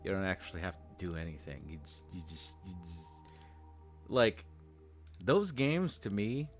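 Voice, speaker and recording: Low-voiced man ranting with lots of swearing. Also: big pitch swings, moderate pace, soft background music. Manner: profane, exasperated ranting. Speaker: streamer. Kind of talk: casual game-stream rant.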